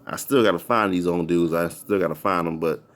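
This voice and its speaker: A man retells a personal story in a casual, animated way, rambling and repeating himself. His voice sits low and he speaks briskly.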